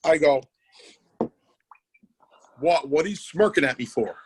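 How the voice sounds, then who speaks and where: A man's voice: fairly high pitch, expressive, a little slow, breathy edge, rough recording. A middle-aged man hosting a podcast, telling wrestling stories casually, repeating himself and swearing. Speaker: podcast host. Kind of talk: casual chat.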